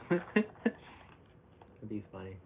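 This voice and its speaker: Low-voiced young man chatting on a tinny line. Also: sing-song, extremely slow, vocal fry. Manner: rambling, self-mocking, chuckles often and reacts to chat. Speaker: streamer. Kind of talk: casual live-stream chat. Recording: tinny phone-like audio with faint hiss.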